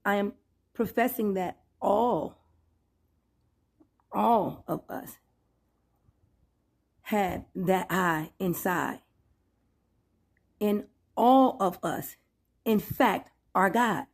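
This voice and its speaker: A woman ranting in a satirical sermon style, preachy and profane, stretching out emphatic phrases and bursting into loud outbursts. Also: mid-range voice, drawn-out words, vocal fry, pauses often. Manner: preachy and profane, calls listener 'boo' and 'my friend'. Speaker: self-styled spiritual preacher.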